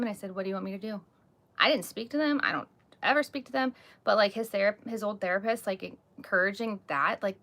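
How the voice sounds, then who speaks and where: Streaming live from a phone or webcam, a woman speaks in a medium-pitched, slightly bright voice. She's open and candid as she chats and reads viewer comments aloud, leaning heavily on "like" and "um."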